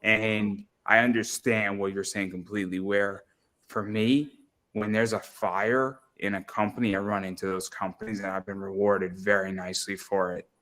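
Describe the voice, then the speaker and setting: A man's voice: lowish voice, little pitch movement, moderate pace, fairly bright tone. A man hosting a casual interview podcast, laughing often and swearing freely. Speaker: podcast host.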